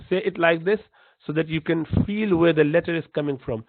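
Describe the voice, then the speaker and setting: A man teaching pronunciation in a slow, patient lesson, repeating each sound to demonstrate it. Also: fairly high pitch, vocal fry, dry recording. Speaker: Quran recitation teacher. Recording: dry, tinny phone-like line.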